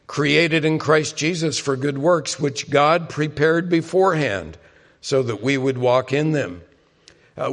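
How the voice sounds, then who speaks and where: Male pastor, mid-pitched, earnest sermon delivery, long hall reverb on the voice. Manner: earnest, rises on key points and drops soft and low for appeals.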